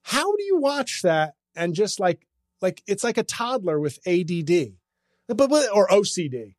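A man's voice: high voice, sing-song, unhurried, no room sound, studio quality. A man hosting a casual comedy podcast, talking in a sarcastic, ranting, self-mocking way.

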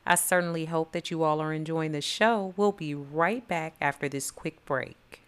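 A woman hosts a podcast with a slightly low voice. She is upbeat and chatty, speaking straight to her listeners and calling them y'all. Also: steady tone, moderate pace, clean tone. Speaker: podcast host. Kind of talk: podcast hosting and read ad.

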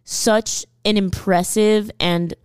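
A woman's voice: medium pitch, fairly even intonation, slow pace, a little mellow, clean tone, no echo, clean studio sound. A woman co-hosting a film podcast in casual chat, talking freely with plenty of swearing and "like". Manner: chatty, swears freely, leans on filler "like". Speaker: podcast co-host.

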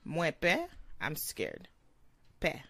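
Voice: mid-range voice, wildly swooping pitch, very slow, creaky, bright, forceful tone, no room sound. A language teacher giving a short vocabulary lesson, saying each word several times and then translating it.

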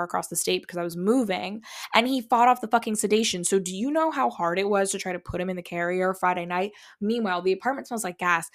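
A young woman hosting a podcast, telling a story in a casual, profane, dramatic way. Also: medium pitch. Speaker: podcast host.

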